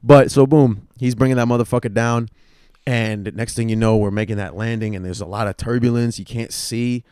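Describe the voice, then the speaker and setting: A young man, co-hosting a podcast, telling a story in lively, profane casual chat and laughing often. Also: medium pitch, brisk, smooth, no room sound, studio quality. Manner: animated storyteller, swears freely, laughs often. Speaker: podcast co-host.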